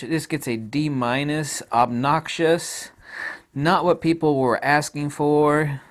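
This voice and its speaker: Blunt, jokey man reviewing cameras. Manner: blunt, jokey, swings from loud outbursts to low mutters. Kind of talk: off-the-cuff video review.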